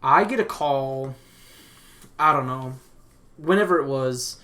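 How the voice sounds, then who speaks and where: A man hosting a podcast, telling a long, profane and animated story in a casual chat. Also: mid-range voice, takes it slowly. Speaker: podcast host.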